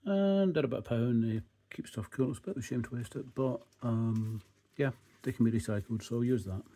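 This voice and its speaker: A man's voice: mid-range voice, brisk, dark tone. A Scottish man narrating his home cooking in a laid-back, casual way, with frequent fillers and swearing. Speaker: home cook and channel host.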